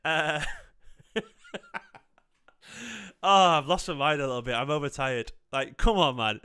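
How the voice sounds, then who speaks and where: A young man talks to his stream viewers during a match, chatty and breaking into giddy laughter. His voice sits a little high and comes across smooth and clear on a desk microphone. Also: lively intonation, a little fast, bright, forceful tone. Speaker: football fan channel host. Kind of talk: live match watchalong commentary.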